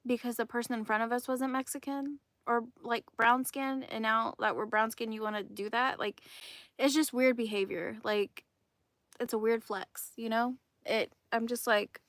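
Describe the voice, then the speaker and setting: Chatty higher-voiced woman crochet host. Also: steady tone, normal speed, pushed and bright, no room sound, clean studio sound. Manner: chatty storyteller who laughs often. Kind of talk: casual livestream chat, answering comments.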